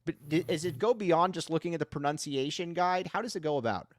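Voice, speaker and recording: A man's voice: on the high side, fast, no room sound, clean studio sound. A man hosting a casual sports podcast, playful and jokey as he reads out listener questions. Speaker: podcast host.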